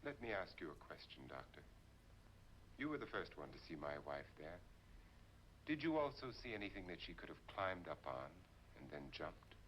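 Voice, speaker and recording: An actor playing a cold, sardonic millionaire husband in a 1950s horror film, cool and cutting. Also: male voice, low-pitched, very animated, moderate pace, a bit bright, slight background noise, rough recording. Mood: questioning.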